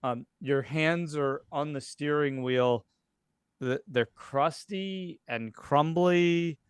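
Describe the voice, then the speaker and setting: A man's voice: fairly high pitch, slow, smooth, no room sound, clean studio sound. A man narrating as game master of a tabletop horror game, hesitant with many fillers.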